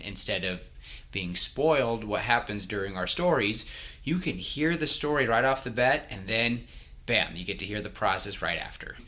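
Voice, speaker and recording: A man co-hosting a podcast in casual chat, animated and quick to laugh. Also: fairly low pitch. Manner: animated, laughing, bouncy delivery. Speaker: podcast co-host.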